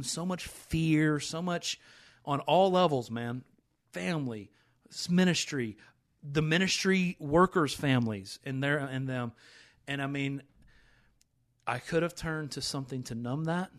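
Earnest man hosting a faith podcast. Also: medium pitch. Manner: earnest and emotional, with many restarts. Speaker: podcast host at a rehab ministry. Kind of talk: candid faith podcast chat.

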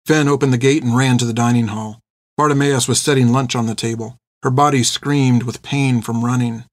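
A man reads a story aloud in a steady, measured voice of middle pitch. The recording is close and dry, with no room sound. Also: no room sound. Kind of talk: audiobook narration.

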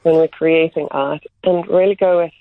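A woman who runs art workshops, a guest explaining her approach in measured speech that slows on key words. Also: deep voice, fairly even intonation. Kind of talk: reflective interview answers. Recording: phone-like line, dry.

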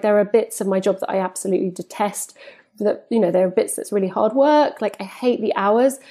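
A woman in her forties, a football presenter, telling stories in an animated way in a podcast interview and acting out the dialogue she quotes. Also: medium pitch. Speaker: football presenter and reporter, guest.

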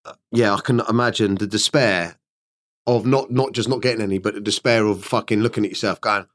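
A man hosting a podcast, asking questions in a blunt, relaxed way and swearing freely. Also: on the low side, fairly quick. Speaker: podcast host. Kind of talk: casual interview chat.

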